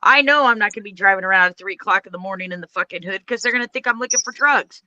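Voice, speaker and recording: A woman's voice: medium pitch, very fast, pushed and bright, no echo. A woman in casual chat, talking bluntly and swearing freely as she gives her opinions. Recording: dull lo-fi audio.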